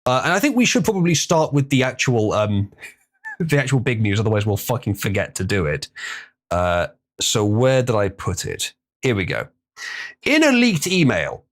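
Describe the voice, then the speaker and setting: A man hosting a casual livestream, opinionated and blunt, reading viewer comments aloud. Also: medium pitch. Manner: opinionated, swears, reads chat aloud. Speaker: livestream host.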